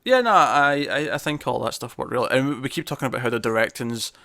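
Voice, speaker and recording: Bright-voiced man in a casual review chat. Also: mid-range voice, expressive, quick pace, no room sound. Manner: rambling, with many fillers and restarts. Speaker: podcast co-host reviewing a TV episode.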